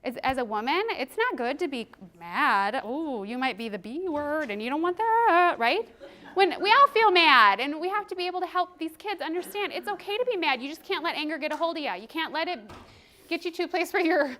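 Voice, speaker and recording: Woman presenter, high voice, animated trainer who acts out quotes. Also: fairly quick.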